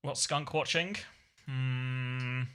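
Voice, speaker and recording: A man's voice: mid-range voice, steady tone, very slow, a bit bright, clear, resonant tone. An English man streaming esports, chatting casually with his chat in a self-deprecating way and calling play-by-play.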